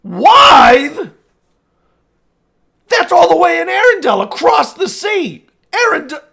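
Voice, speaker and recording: A man doing an irritable noble lord who makes sharp demands and often breaks into shouts. His voice sits high and swings widely, in a slow, deliberate delivery, the temper of a fantasy tabletop game. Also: very animated, exaggerated voice. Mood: exasperated. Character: irritable noble father, exasperated lord of a keep.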